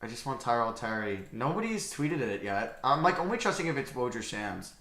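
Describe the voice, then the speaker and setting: Young male streamer, excitable live-reaction host; bright, lively delivery, roomy echo. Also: medium pitch, a little fast. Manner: excitable, swings between shouting and muttering while reading chat. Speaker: livestream host.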